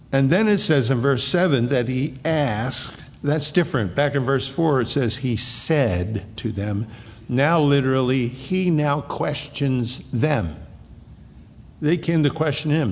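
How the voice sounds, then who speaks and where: A middle-aged man preaching a verse-by-verse sermon, reading scripture slowly and explaining it emphatically. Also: mid-range voice, vocal fry, a little mellow, in a large hall, slight background noise. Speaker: pastor. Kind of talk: verse-by-verse Bible teaching sermon.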